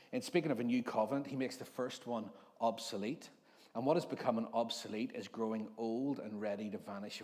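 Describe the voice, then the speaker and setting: A man's voice: medium pitch, darkish tone, long reverb tail. A man of forty with a Northern Irish accent, preaching a conversational sermon full of jokes and acted-out voices. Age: 40s. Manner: jokey storytelling, acts out overheard voices. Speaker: pastor. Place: church hall.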